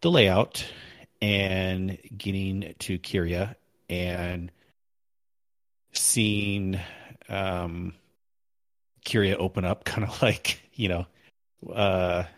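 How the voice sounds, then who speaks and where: A man's voice: low-pitched, little pitch movement, very slow, pauses often, dry recording. A man co-hosting a casual gaming podcast, rambling and correcting himself as he recalls story missions. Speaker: podcast co-host.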